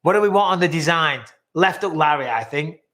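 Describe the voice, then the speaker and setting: A man's voice: fairly high pitch, expressive, fairly quick, a bit bright. Joking man with a northwest English accent. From northwest England. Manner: joking, blunt, swears freely. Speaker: host of a live chat. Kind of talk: casual live-stream chat reading viewer comments.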